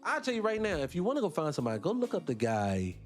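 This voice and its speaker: A man hosts a casual talk show, rambling and talking straight to his listeners. His voice sits high and swings widely up and down. Faint music plays behind him. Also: fast. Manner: animated, rambling, swears freely, talks straight to listeners. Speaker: radio show host.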